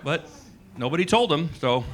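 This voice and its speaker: With lively intonation and a fairly high pitch, this man in his forties talks at a moderate pace, a faint hiss or hum in the background. He's a stand-up comic working a comedy club stage for a live crowd, keeping the set loose and chatty with many "likes" and side remarks.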